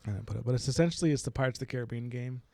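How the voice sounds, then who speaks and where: A man's voice: medium pitch, rapid-fire, gravelly, mellow, no room sound, studio quality. A young man co-hosting a casual book podcast, retelling the story with frequent laughs and lots of "like". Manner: laughs often while retelling, uses "like" a lot. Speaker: podcast co-host.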